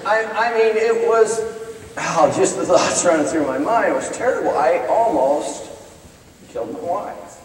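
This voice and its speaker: A middle-aged man from Iowa, a business professor speaking in chapel, telling a story with urgent bursts and hushed stretches. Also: sits high, animated, measured pace, slight background noise. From Iowa, United States. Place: large chapel hall. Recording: echoey hall, voice from far off.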